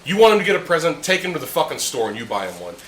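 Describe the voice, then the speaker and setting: A man's voice: on the high side, sing-song, very fast, a bit bright. A young man hosting a casual chat, ranting heatedly and swearing constantly while drinking beer with friends in a room. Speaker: podcast host. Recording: echoey room with faint ambient noise.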